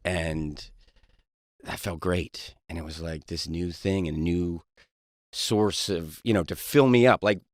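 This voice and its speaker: A man with a very low voice speaks softly and haltingly in a candid interview. The recording is dry, with no room sound. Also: no echo.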